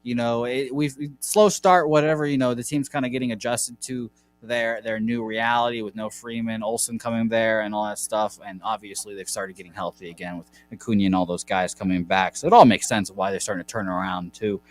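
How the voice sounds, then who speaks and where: A man's voice: lowish voice, fairly quick, hardly any pauses. A man hosting a casual sports betting show, rambling and correcting himself as he reels off baseball stats. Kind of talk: casual podcast chat.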